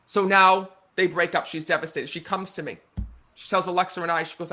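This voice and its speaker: Man, American accent, thirties, high voice, bright and forceful tone, earnest animated storytelling, talks straight to the audience. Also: fairly quick, gravelly. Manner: earnest, animated, talks to the audience with many "right?" and "you know". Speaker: psychic medium guest. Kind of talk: casual storytelling conversation.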